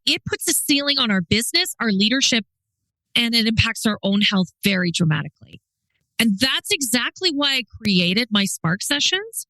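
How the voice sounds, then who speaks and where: Bright, candid woman podcast host. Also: fairly high pitch, no echo, poor audio. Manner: candid, conversational, emphatic. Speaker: podcast host and leadership coach. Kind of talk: solo podcast monologue.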